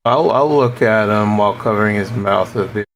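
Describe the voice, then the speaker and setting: Young man player, halting speech. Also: fairly low pitch, rough recording. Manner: casual, halting, repeats words. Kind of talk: playing a tabletop game.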